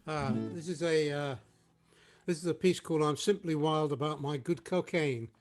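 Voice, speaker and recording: A man's voice: on the high side, normal speed. A man introducing a blues guitar piece with a rambling, chuckling anecdote, recorded at home for an online session. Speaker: guitarist and singer. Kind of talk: casual spoken introduction.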